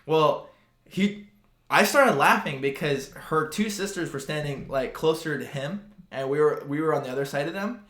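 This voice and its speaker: Young male podcast co-host, rambling casual storyteller, slightly high voice, echoey room. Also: moderate pace, fairly bright tone. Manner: rambling storyteller, heavy on "like" and "dude". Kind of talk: casual chat.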